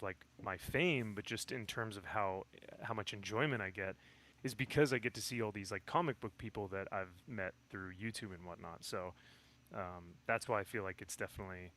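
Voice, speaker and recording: A man's voice: fairly low pitch, bright, forceful tone. A man guest on a livestream, talking in an easygoing, rambling way with chuckles. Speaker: guest streamer. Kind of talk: casual chat on a livestream.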